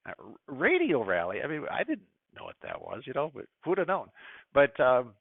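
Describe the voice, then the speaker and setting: A man's voice: mid-range voice, huge pitch swings, moderate pace, vocal fry, no echo. Chatty middle-aged man on a tinny line. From United States. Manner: chatty, opinionated, many fillers and asides. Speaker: ham radio club presenter. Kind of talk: casual presentation talk. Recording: dry, phone-like narrow sound.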